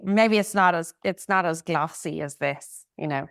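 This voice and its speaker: A woman's voice: sits low, normal speed, creaky, a bit bright, clear, resonant tone, dry recording, studio quality. A woman guesting on a casual film podcast, curious and asking questions.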